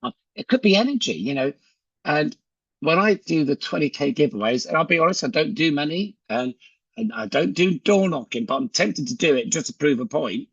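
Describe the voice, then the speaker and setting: A man's voice: on the high side, lively intonation, fairly quick, creaky, husky, no echo, highs cut off. A man giving a chatty sales training talk on a video call, telling stories and acting out conversations. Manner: chatty storyteller who acts out dialogue.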